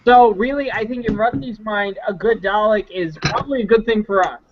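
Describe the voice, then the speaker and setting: Enthusiastic male podcast co-host, high voice, lo-fi recording. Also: fairly quick, slight background noise. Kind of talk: casual fan discussion. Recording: dull lo-fi audio.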